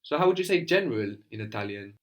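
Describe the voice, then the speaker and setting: A man teaching a spoken language lesson, patiently coaxing a student and modelling pronunciation slowly. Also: fairly low pitch, big pitch swings, dull audio.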